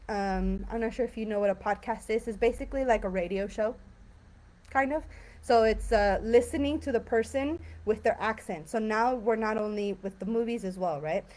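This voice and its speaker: A woman with a medium-pitched, slightly mellow voice teaches English vocabulary on a livestream. She's chatty and encouraging and uses plenty of fillers.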